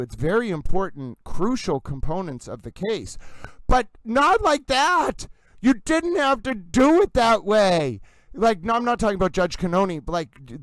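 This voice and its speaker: High-voiced man ranting on a livestream. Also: no room sound, rough recording. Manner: exasperated, theatrical, alternating yelling and muttering. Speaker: livestream host commenting on a trial. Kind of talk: live commentary stream.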